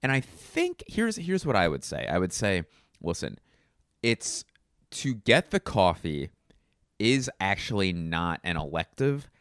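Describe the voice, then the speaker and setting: A man's voice: low voice, wildly swooping pitch, measured pace, fairly bright tone, no room sound, clean studio sound. A man hosting a solo comedy podcast, rambling through wry, self-mocking tangents.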